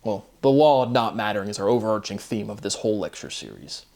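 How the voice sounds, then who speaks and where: A man's voice: fairly low pitch, lively intonation, fast talker, gravelly, darkish tone. Ranting, profane man rambling. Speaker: host of a legal commentary series. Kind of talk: unscripted monologue. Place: Ohio.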